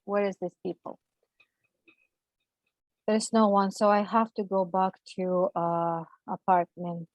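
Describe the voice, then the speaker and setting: A woman, a guest on an interview show, telling a personal story in halting, emotional, non-native English, full of fillers and restarts. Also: medium pitch, level tone, dry recording, dull audio.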